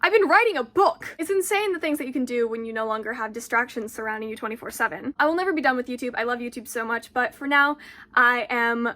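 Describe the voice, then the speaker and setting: Bright high-voiced teenage girl vlogging. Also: fast talker. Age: teens. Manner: candid, reflective, filler-heavy with "like". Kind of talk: casual confessional vlog. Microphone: phone camera.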